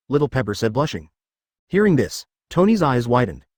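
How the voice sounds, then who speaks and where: A man's voice: medium pitch, sing-song, a little fast, no room sound, clean studio sound. A man narrating a fan story in a scripted, machine-read style.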